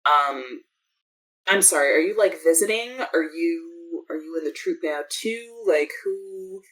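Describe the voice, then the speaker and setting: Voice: medium pitch, unhurried, fairly bright tone, low-quality recording. A game master voicing an exhausted, sarcastic woman who works as a medic in a clown troupe, talking in a dry, weary way that trails off. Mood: apologetic. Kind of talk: tabletop game role-play.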